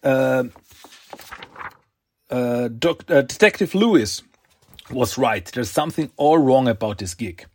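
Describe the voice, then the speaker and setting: A man's voice: medium pitch, animated, slow pace, long pauses, darkish tone. A man casually recapping a comic book story, rambling along with restarts, second-guessing himself and chuckling.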